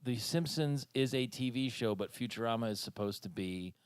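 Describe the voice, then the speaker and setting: A man's voice: medium pitch, moderate pace, clean tone, dry recording, studio quality. A man co-hosting a casual podcast chat, wry and argumentative as the group's self-described critic. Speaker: podcast co-host.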